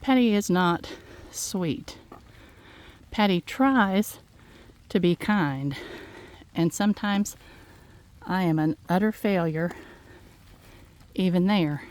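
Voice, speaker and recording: A woman speaks slowly into her phone outdoors, a little out of breath. Her voice sits fairly low, and her encouraging talk comes in gentle, halting phrases. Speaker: farm vlogger. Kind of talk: casual heartfelt talk to viewers. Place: outdoors in fog. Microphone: handheld phone.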